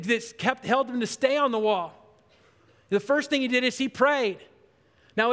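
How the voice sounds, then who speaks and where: A man preaching a sermon as pastor, with a conversational, dramatic delivery that drops low and quiet when he voices a discouraging inner voice. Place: church sanctuary. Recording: long reverb of a church hall.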